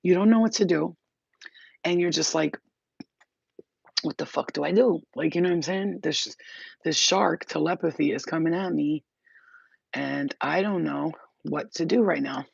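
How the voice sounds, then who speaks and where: A woman's voice: sits low, normal speed, vocal fry, slightly rough, no room sound, dull audio. A woman hosting a casual spiritual talk, rambling and swearing freely as she explains her ideas. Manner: rambling, profane, streetwise. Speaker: spiritual healer host.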